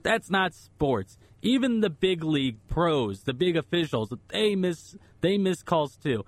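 A man's voice: a little high, sing-song, a little slow, no room sound. Casual, rambling male radio co-host. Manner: casual, hesitant, rambling with fillers. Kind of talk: radio talk show chat. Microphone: studio microphone.

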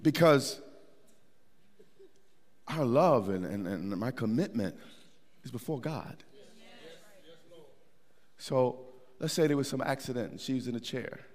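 A man's voice: medium pitch, lively intonation, slow, long pauses, darkish tone. A middle-aged man preaching a sermon in a church, conversational, with repeated words and restarts. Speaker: pastor. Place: church sanctuary. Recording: long hall reverb.

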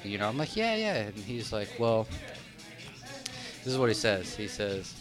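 Rambling young man, low voice. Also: steady tone, measured pace, over music. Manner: rambling, many restarts and fillers. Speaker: guest telling a story. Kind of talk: casual chat.

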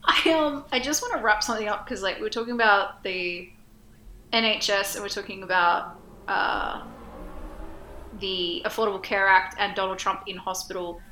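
A woman's voice: mid-range voice, moderate pace, pushed and bright, slight background noise. An Australian woman co-hosting a casual chat, talking in a chatty way with lots of fillers. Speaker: podcast co-host.

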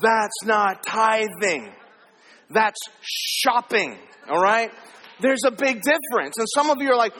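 Bright-voiced, high-pitched male preacher. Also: slow pace. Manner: energetic, joking asides to the congregation. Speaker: pastor. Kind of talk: sermon. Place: church auditorium. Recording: echoey hall.

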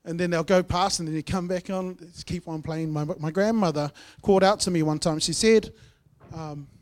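A man sharing his personal testimony in church, telling his story earnestly, with swings between loud and soft. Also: fairly high pitch, steady tone, moderate pace. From New Zealand. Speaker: guest speaker sharing testimony.

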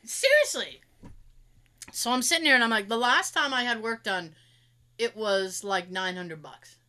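Woman telling a story, swears a lot, bouncy lively voice, kinda high. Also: unhurried. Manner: animated, swears freely, acts out others' lines. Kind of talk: casual storytelling chat.

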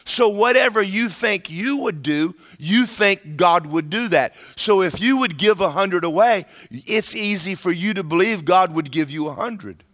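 A male preacher delivering a sermon in an emphatic, conversational manner. His voice is bright and slightly high, with a lively, swinging pitch. He often checks in with his listeners. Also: measured pace, few pauses.

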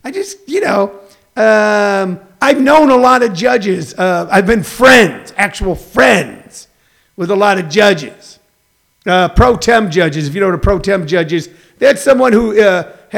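Gravelly man ranting with comic bluntness. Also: high-pitched, lively intonation, measured pace, a bit bright. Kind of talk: comedic rant.

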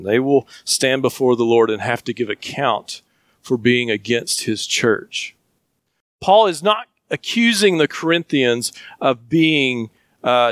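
A man's voice: medium pitch, fairly bright tone, no room sound, studio quality. A man with a Southern US accent preaching a sermon as a pastor, earnest and emphatic, often asking questions.

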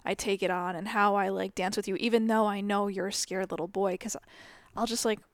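A woman's voice: medium pitch, brisk, no room sound. Frank woman podcast co-host, casual chat. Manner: frank, animated, acts out her own past lines.

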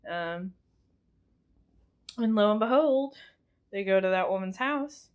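A woman's voice: mid-range voice, expressive, takes it slowly. A young woman casually recapping a film as a podcast host, chatty and giggly, rambling with lots of fillers. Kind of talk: casual chat.

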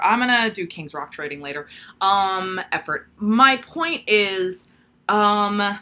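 Woman, podcast co-host, casual chat, bright voice, rambling, swears, laughs a lot. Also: mid-range voice, slow pace. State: hard of hearing.

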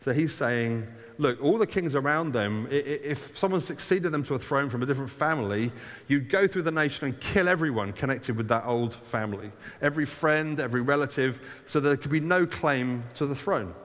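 A man's voice: medium pitch, fairly quick, big-room sound. A man reading a Bible passage aloud as a preacher, stopping often to comment in a casual, conversational way. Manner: reads scripture then breaks off to comment conversationally.

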